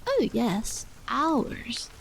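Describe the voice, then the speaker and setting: A woman's voice: a little high, very animated, very slow, gravelly, slight background noise, exaggerated voice, rough recording. Woman whispering as a chatty young daughter. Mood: eager. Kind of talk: whispered role-play.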